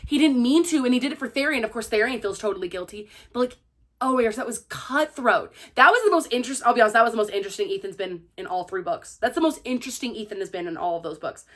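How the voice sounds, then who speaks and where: A young woman gushing through a casual, spoiler-filled book review, excitable and full of "like". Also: on the high side, fast. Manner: gushing, excitable, heavy use of "like".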